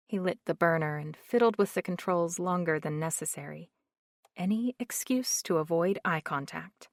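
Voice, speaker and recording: A woman narrating an audiobook in a slow, measured reading. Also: on the low side, no echo, clean studio sound.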